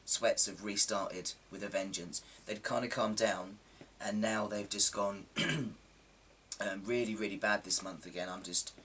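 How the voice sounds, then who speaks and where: A man's voice: on the low side, steady tone, measured pace, sharp tone, recorded from a distance, a little hiss or hum. A man in casual chat to camera, rambling and self-deprecating with plenty of ums, his voice a little coarse from a sore throat. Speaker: vlogger.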